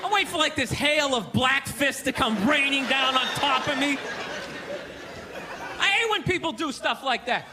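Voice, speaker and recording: A male stand-up comedian performing a sarcastic, ranting set on a theater stage, often breaking into shouts. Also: very high-pitched, expressive, moderate pace, a crowd in the background. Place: theater stage before a live audience. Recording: live theater recording with audience laughter and noise.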